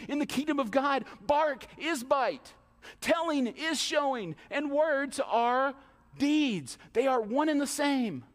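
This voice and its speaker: A male pastor preaching a sermon in a church, emphatic, with rhetorical questions and quick acted-out asides. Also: extremely high pitch. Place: church hall. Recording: long hall reverb.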